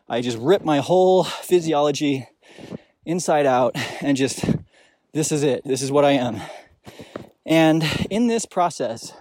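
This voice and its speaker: A young man hosting a podcast, telling a deeply personal story in a reflective, emotional way with frequent restarts. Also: a little mellow, no room sound. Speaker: podcast host. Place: outdoors on a snowy mountain.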